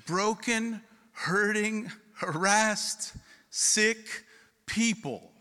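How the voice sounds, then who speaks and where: A man's voice: high voice, drawn-out words, sharp tone, smooth, in a large hall. A male pastor preaching a sermon in a conversational way, asking the congregation questions and reading scripture aloud.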